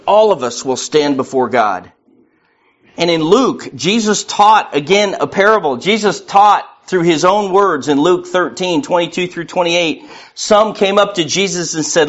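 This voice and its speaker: A man's voice: on the high side, expressive, normal speed. A man preaching a sermon earnestly, acting out the voices in his quotes. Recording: muffled lo-fi recording.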